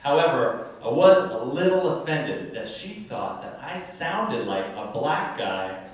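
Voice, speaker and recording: A young man doing a stand-up set on a comedy club stage, with deadpan, self-deprecating asides. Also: mid-range voice, unhurried, distant mic. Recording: noisy, very echoey club from afar.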